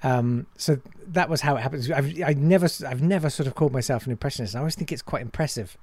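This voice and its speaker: A man's voice: medium pitch, fast talker, a little mellow, no room sound. A man, a comedian and impressionist, chatting casually and self-deprecatingly in an interview.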